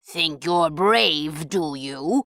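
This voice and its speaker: A woman's voice: medium pitch, very animated, a bit bright, no room sound, clean studio sound. A woman voicing a cruel, jealous male king who sneers at a young prince in a storybook reading. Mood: sneering. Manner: sneering, slow and drawn out. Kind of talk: storybook character voice.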